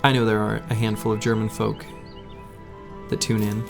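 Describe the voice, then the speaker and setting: A man's voice: on the low side, monotone, moderate pace, gravelly, music in the background. A man casually commenting on his game as he plays, thinking aloud and chatting with his viewers. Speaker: game streamer.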